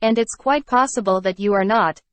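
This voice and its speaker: A woman's voice: medium pitch, moderate pace, dry recording, lightly acted. A woman voicing a ferocious, starving male innkeeper who rants with scorn, in a storybook reading. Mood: bitter ranting. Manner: ranting, scornful.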